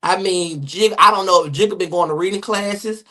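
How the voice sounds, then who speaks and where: Sassy streamer dishing gossip. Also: male voice, high voice, bright, forceful tone. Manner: sassy, rapid, swearing, addresses chat viewers. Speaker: gossip show host. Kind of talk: livestream gossip commentary. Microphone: phone or webcam mic on livestream.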